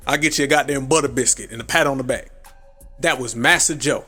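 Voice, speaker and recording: A man's voice: medium pitch, brisk, pushed and bright, soft background music. A man hosting a live commentary stream, brash and heavily profane, laughing at his own jokes. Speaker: livestream commentary host.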